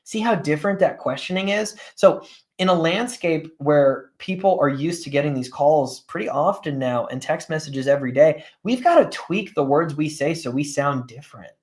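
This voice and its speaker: Man coaching with a slightly high voice. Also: lively intonation, moderate pace. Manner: conversational, often checks in with "right?" and "guys"; plain-spoken, teaches through examples. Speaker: sales coach. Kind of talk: live coaching session.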